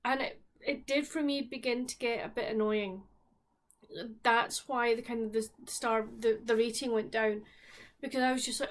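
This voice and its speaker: A woman from the Scottish Highlands whose accent colours every word, with a voice pitched a little high. She talks candidly and chattily, as if to friends at her kitchen table, whether she is reviewing a book or baking. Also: fairly even intonation, normal speed. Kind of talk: casual book review and cooking chat.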